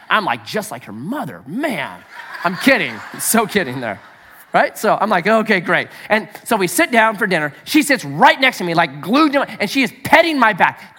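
A man's voice: high voice, very animated, a little fast, pushed and bright. A man preaching a sermon as pastor, telling a family story with acted-out voices and humor. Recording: echoey hall.

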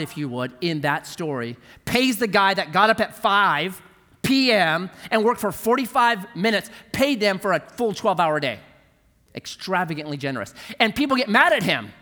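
Male pastor, middle-aged, sermon delivery. High, bright voice that swings widely in pitch, with a long hall reverb. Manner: animated storytelling, acting out quoted voices.

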